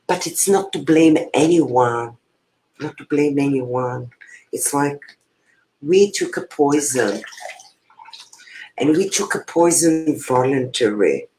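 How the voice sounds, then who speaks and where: A woman coach talks slowly and earnestly in a personal conversation. Her delivery is halting, and she often repeats a phrase before she carries on. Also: very deep voice, a little mellow, low-quality recording. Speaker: spiritual coach and interview guest. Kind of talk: heartfelt personal sharing in conversation.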